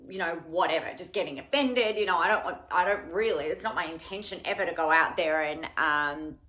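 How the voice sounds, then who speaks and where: A bright, forceful woman from Australia talks casually on her live stream at home, rambling from thought to thought and calling out viewers by name. The room gives her voice a clear echo. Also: fairly low pitch. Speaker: live show host.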